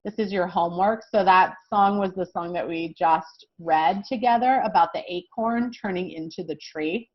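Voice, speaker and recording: A woman teaching a kindergarten lesson, slow and encouraging, often checking in with "okay?". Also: on the low side, dull audio. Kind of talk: recorded classroom lesson for young children.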